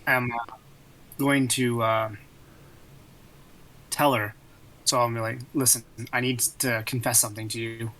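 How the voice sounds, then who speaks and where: A man playing a tabletop game, speaking in character with an earnest, deliberate manner. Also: mid-range voice, flat delivery, bright, forceful tone, rough recording. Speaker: player.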